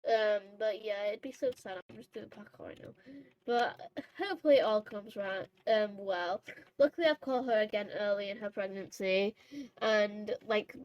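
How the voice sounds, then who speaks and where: A woman's voice: mid-range voice, normal speed, darkish tone, dry recording, dull audio. A woman vlogging casually over horse role-play gameplay, rambling and chatty with many fillers and self-corrections. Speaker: gaming vlogger.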